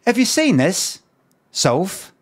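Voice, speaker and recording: A man's voice: huge pitch swings, takes it slowly, full character voice. A man imitating a chirpy middle-aged male TV shopping presenter with salesy patter. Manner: salesy patter, high and bright.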